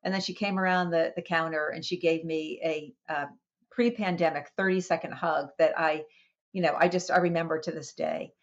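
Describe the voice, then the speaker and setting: A woman, a wellness coach, telling a personal story in a podcast interview with lively expression and small restarts. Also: low-pitched, moderate pace, dull audio.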